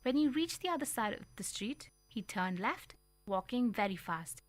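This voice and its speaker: A woman reading a storybook aloud on community radio, telling it in an expressive, lively way. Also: a little high, normal speed, no room sound. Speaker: story reader.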